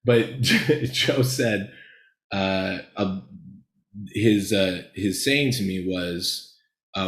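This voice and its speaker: A man's voice: low voice, drawn-out words, pauses often. A man telling a long story in a casual interview, rambling and swearing a lot as he acts out the people in it. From Los Angeles, United States. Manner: rambling, profane, animated storyteller. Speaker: screenwriter guest. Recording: echoey room.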